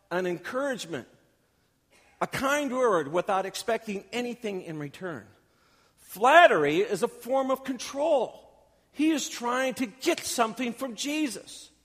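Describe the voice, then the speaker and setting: A man preaching a sermon as pastor, emphatic and storytelling, acting out the quotes he tells. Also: very high-pitched. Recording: long reverb of a church hall.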